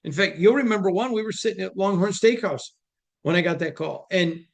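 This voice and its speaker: A man hosts a casual sports talk show, answering viewers with emphatic, sometimes preachy conviction and quick jokes. His voice sits somewhat high for a man. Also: gravelly. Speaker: host.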